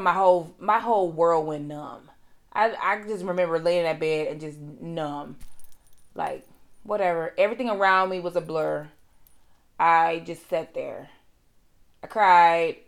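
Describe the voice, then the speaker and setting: A woman, hosting a podcast and candidly telling a personal story in a conversational, emotional way. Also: lowish voice. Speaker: podcast host.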